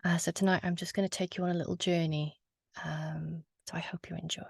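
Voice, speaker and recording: A woman storyteller on a video call, telling a folk tale slowly and softly, lingering on words. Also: lowish voice, level tone, gravelly, slightly rough, no echo, studio quality. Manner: soft, hushed, lingering on words. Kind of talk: slow atmospheric storytelling.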